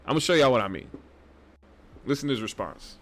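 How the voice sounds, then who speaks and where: A man's voice: mid-range voice, animated, a little fast. A man hosting a casual commentary show, talking in a loose, rambling and profane way. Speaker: host.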